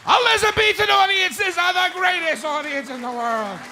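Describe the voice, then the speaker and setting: A man impersonating a famous blustering TV comedian declaiming Shakespeare in a bombastic, shouting manner, recorded live in a club. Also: very high-pitched, normal speed, vocal fry, some chatter behind, voice pushed up, heavily acted. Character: blustering big-mouthed male TV comedian doing Shakespeare. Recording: live club with faint room noise.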